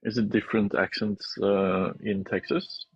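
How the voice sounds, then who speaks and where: Husky man asking questions. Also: fairly low pitch, level tone, measured pace, no room sound, muffled recording, soft background music. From Norway. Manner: curious, asks many questions. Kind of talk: casual live-stream chat.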